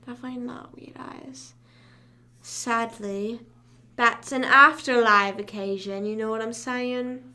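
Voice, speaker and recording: A young woman rambles casually to her livestream chat. Her voice sits a little high and sounds bright and forceful. She wanders off topic and hums to herself between remarks. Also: fairly even intonation, a little slow. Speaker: livestream host.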